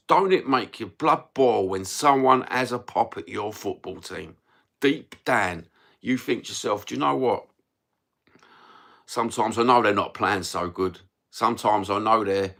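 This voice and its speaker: Gravelly man ranting on a live stream. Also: mid-range voice, fairly bright tone. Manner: impassioned, swearing, slangy, rhetorical questions to viewers. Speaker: football fan live-streamer.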